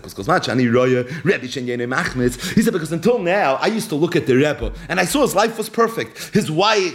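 A man giving a Talmud lesson in English, mixing in Hebrew and Yiddish terms and telling the story with animated swings of voice. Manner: animated, swings between high and low when telling the story. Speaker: Talmud teacher. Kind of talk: Talmud lecture.

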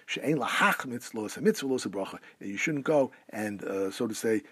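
A man's voice: lowish voice, animated, normal speed, fairly bright tone, slightly rough, no room sound. A man teaching a class on Jewish law, reading rabbinic phrases aloud and then translating them. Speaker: Torah teacher.

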